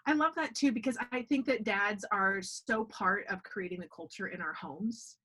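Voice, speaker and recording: A woman's voice: mid-range voice, normal speed, sharp tone, slightly rough. A woman hosting an interview chat, affirming her guest with frequent listening sounds. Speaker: host.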